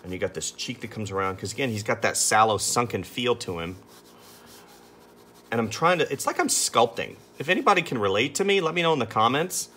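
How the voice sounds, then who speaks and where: This drawing instructor keeps up a chatty, self-amused commentary while he sketches. His medium-pitched voice is animated, pushed and bright, moving a little fast, with slight background noise.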